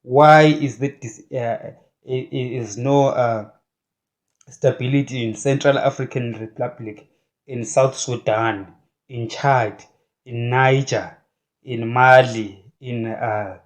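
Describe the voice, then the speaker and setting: A man giving opinionated commentary in a halting delivery full of filler sounds, turning indignant with rhetorical questions. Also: medium pitch, fairly even intonation. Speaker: political commentator.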